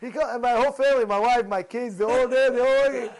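Man, very high voice, rabbi, lively storytelling Torah talk, repeats himself, Hebrew words mixed in. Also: fast, low-quality recording. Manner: animated, repeats phrases, mixes in Hebrew terms.

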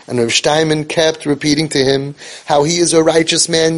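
A man's voice: on the high side, little pitch movement, moderate pace, hardly any pauses. A man giving an inspirational speech, telling a story emphatically and repeating key phrases for effect. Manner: sprinkles Hebrew and Yiddish terms. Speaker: speaker on parenting and faith.

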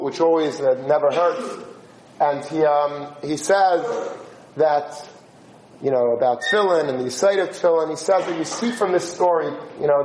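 A man with a high voice tells a story to listeners, acting out each character's lines as he goes. His speed shifts from quick bursts to slow, stretched phrases. The sound carries a roomy echo. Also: a little hiss or hum. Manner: animated, acts out dialogue with shifting voice and pace. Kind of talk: spoken religious story.

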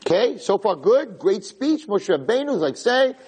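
A man giving a Torah class, retelling the story with lively, dramatic quotes. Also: sits high, normal speed, husky, big-room sound, low-quality recording. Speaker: Torah teacher.

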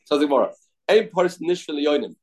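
A man's voice: expressive, quick pace, a little mellow, poor audio. A man teaching a Talmud class, mixing English explanation with quoted Aramaic and Hebrew text and acting out the quoted voices. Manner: acts out quoted voices with sudden pitch jumps.

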